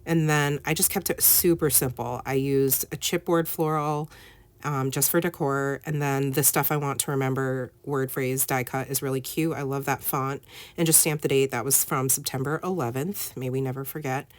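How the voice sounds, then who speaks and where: A woman's voice: rumbling low, steady tone, normal speed, dry recording. A woman in her thirties talking casually over her scrapbooking, full of ums and likes. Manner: chatty, many fillers like "um" and "like". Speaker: scrapbooking vlogger. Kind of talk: casual voice-over while crafting.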